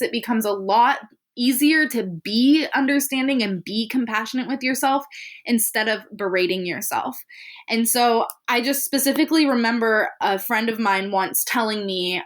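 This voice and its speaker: A woman's voice: fairly high pitch, fairly bright tone. A young adult woman hosting a self-care podcast, talking earnestly and candidly in an encouraging way. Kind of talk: reflective solo podcast talk.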